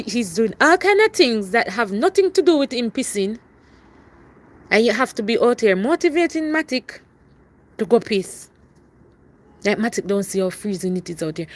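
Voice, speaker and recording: A young adult woman, chatting casually on a live stream and loudly urging her dog along between asides. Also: on the high side.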